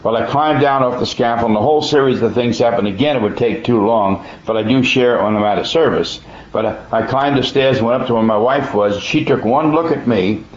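A man tells a personal testimony in a plainspoken, folksy way, earnest and emphatic, stumbling over and restarting his words. His voice sits at an ordinary middle pitch. The recording is dull and muffled, with a noticeable echo from the room.

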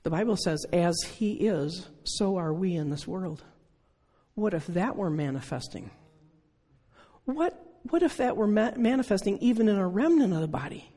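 Long reverb from a large hall surrounds a preacher in their sixties whose earnest, conversational sermon is packed with rhetorical questions. The voice is medium-pitched and dark in tone, expressive, at a normal speed.

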